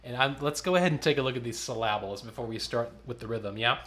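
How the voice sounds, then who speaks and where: A man's voice: medium pitch, fast, a bit bright. A man leading an online choir rehearsal, counting beats, speaking syllables aloud and singing lines for the singers to copy. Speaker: choir director.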